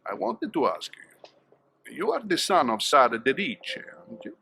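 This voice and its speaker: A dignified cardinal. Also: male voice, a little high, sing-song, creaky, pushed and bright, a little hiss or hum, exaggerated voice. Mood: formal. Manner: measured, formal and courtly. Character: older male cardinal, dignified and discreet. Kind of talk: video game voice acting.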